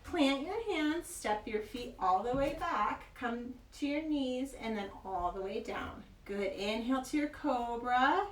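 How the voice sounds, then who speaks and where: A woman teaching a kids' yoga class, gentle, playful and encouraging as she guides a child through poses. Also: on the high side, lively intonation, unhurried, hardly any pauses, distant mic. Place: yoga studio. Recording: echoey room, mic from afar.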